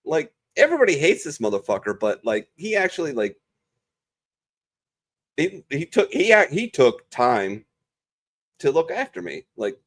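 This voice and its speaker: A young adult man, a veteran panelist on a video call, telling stories in a casual, profane and animated way. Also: a little high, measured pace, long pauses. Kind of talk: casual storytelling chat.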